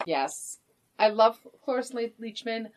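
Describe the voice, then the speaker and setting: A woman's voice: fairly high pitch, animated, a little slow. A middle-aged woman co-hosting a podcast in casual chat, reading out award picks and praising performers expressively. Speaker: podcast co-host.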